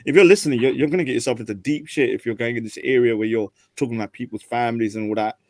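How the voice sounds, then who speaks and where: A man speaking quickly and earnestly in a heated online panel debate, often repeating words as he builds a point. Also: medium pitch, no echo. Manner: rapid, earnest, repeats words when excited.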